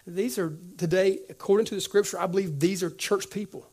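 A man's voice: high-pitched, fairly quick. A male pastor preaching a sermon, acting out little conversations and dropping to a near whisper at times. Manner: animated, acts out dialogue, drops to whispers.

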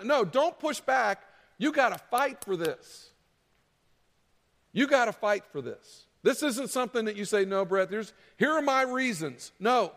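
High-voiced pastor preaching in a reverberant hall. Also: male voice. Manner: conversational, acting out listeners' objections. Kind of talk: sermon.

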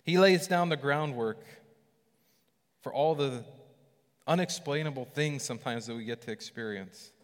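A man preaching a casual sermon, animated and conversational, acting out scripture with lively voices. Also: mid-range voice, moderate pace, long pauses, in a large hall.

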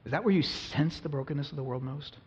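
A man preaching a sermon as a pastor, earnest and emphatic, his voice rising suddenly to loud peaks. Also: on the high side, quick pace. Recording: muffled, reverberant hall recording.

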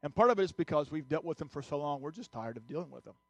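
High-voiced preacher in a dry room. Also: male voice, lively intonation, rapid-fire, vocal fry, no echo, faint music behind. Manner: storytelling that builds to urgent exhortation. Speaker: pastor. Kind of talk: sermon with personal story.

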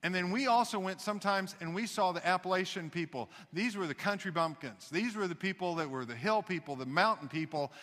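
A man's voice: sits high, a little fast, few pauses, a bit bright, long reverb tail. A man preaching a sermon, emphatic, with folksy asides. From United States. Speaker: pastor.

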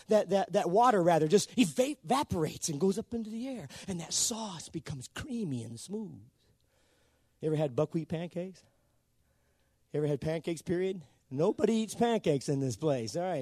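Animated high-voiced male preacher. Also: no room sound, studio quality. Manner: animated, calls for responses from the congregation. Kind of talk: sermon.

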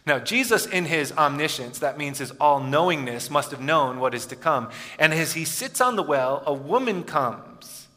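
A man preaching a sermon, telling a story and often dropping to a quiet, soft voice for emphasis. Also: a little high, expressive, normal speed, few pauses. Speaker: pastor. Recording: echoey hall with long reverb.

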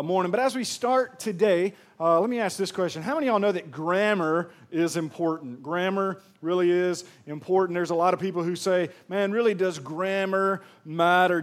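A man from Mississippi with a Southern accent, a pastor preaching a sermon in a chatty, joking way and talking straight to the congregation. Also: a little high. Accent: Southern American. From Pearl, Mississippi. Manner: jokey, chatty, addresses the crowd directly.

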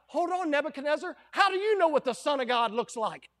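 A man preaching a fervent Baptist sermon, moving between hushed lines and loud, fiery ones. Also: extremely high pitch, animated, fairly quick, hardly any pauses. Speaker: Baptist pastor.

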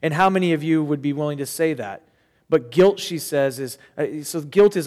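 A man's voice: on the high side, moderate pace, darkish tone, big-room sound. A man preaching a sermon as pastor, earnest and conversational with casual asides, in a church sanctuary.

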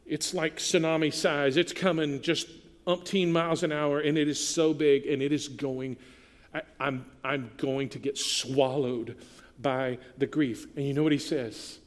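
A man with a slightly high voice preaches in a long-echoing hall. He is earnest and conversational, leaning into tender lines quietly. It sounds like a church sermon. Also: steady tone, unhurried. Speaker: pastor.

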